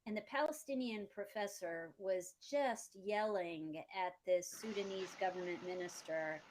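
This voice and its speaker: A woman's voice: mid-range voice, unhurried, a little hiss or hum, rough recording. An American woman, a former diplomat, answering interview questions in an earnest storytelling way, stressing key words. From United States.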